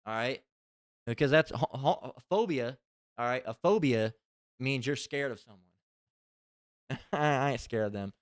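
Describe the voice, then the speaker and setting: A man teaches a spoken scripture lesson in loose, rambling talk with plenty of profanity. His voice is smooth and resonant, and it sounds close and dry with no room around it. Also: mid-range voice, expressive, a little slow, pauses often, dry recording. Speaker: religious teacher.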